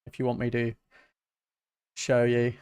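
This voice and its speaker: A man's voice: mid-range voice, measured pace, clear, resonant tone, dry recording, clean studio sound. Laid-back British man chatting on stream. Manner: relaxed, greets chat viewers, self-mocking. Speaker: music producer hosting a livestream. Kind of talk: casual livestream chat.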